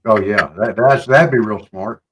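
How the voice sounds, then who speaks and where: A man ranting on a live talk show, mocking and swinging between loud outbursts and low mutters. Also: unhurried, a little hiss or hum. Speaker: show co-host. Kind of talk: casual political chat.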